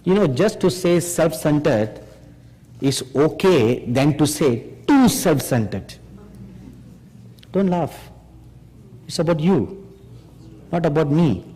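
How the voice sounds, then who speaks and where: A man delivers a sermon at a slow, weighty pace, leaning on rhetorical questions to press his listeners. His voice sits a little higher than most men's. The sound carries a long reverb, as though recorded in a big hall. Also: expressive, warm tone. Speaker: preacher.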